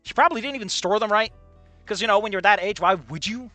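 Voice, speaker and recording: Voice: mid-range voice, fast, sharp tone, no echo, soft background music. A streamer giving sarcastic, incredulous commentary on a visual novel and swearing freely. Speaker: let's play streamer.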